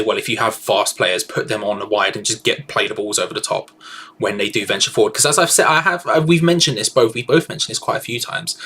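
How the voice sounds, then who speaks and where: A man's voice: on the low side, pushed and bright, a little hiss or hum. A young man co-hosting a live football watch-along, chatting and teasing, often repeating his phrases. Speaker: co-host of a fan watch-along. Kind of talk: casual live football chat.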